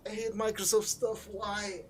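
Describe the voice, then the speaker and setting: A man's voice: high-pitched, little pitch movement, unhurried, slight background noise. A young man streaming a video game, talking through his play, swearing and grumbling at the enemy and his computer. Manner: cursing, exasperated at the game. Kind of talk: live gameplay commentary.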